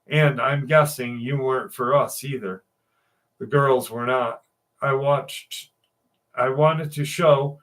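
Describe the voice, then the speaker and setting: A man hosting a live show, reading a viewer's story aloud and then chatting loosely with his live chat, joking and swearing freely. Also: medium pitch. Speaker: show host.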